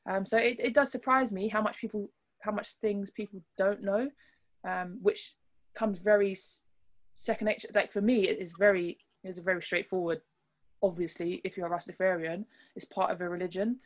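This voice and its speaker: A woman speaks as a guest in an interview, earnest and reflective. She restarts her phrases as she thinks aloud. Her voice sits at an ordinary middle pitch. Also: steady tone, a little fast. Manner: earnest, thoughtful, frequent restarts. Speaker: rugby player guest. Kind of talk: interview conversation.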